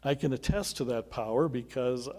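A man's voice: medium pitch, moderate pace, darkish tone. A middle-aged man preaching a sermon, telling his own story in an earnest, conversational way with small chuckling asides. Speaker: pastor. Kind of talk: sermon with personal testimony.

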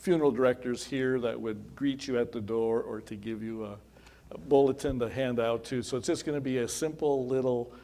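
A man's voice: mid-range voice, gravelly, darkish tone. A middle-aged man, a pastor, welcoming people to a simple memorial service in a chatty, folksy storytelling way. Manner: chatty, folksy storytelling with quoted dialogue and asides.

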